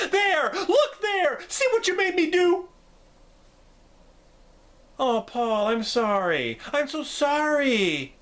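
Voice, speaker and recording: A man voicing a volatile, unhinged middle-aged woman who swings from rage to sweetness, with shrill outbursts and prim mock-profanity. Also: fairly bright tone, full character voice. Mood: sugary apology.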